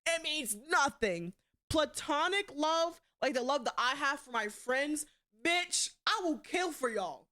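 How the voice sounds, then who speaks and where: A young woman streaming live, chatting casually and bluntly, swearing a lot and swinging between loud outbursts and quieter asides. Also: high voice, animated, measured pace. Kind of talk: casual livestream chat.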